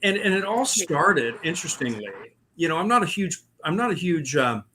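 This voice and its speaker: A man's voice: on the high side, big pitch swings, moderate pace, sharp tone, a little hiss or hum. Rambling man telling ghost stories. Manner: rambling, many fillers and restarts. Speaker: paranormal investigator guest. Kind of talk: casual storytelling.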